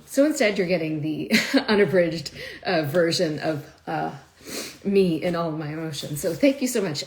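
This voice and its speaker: Deep-ish voiced woman doing a live chat from home, lots of ums, gets teary n laughs a lot. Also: darkish tone. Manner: chatty, emotional, laughs often, many fillers. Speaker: wine video creator. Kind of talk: casual live-stream chat.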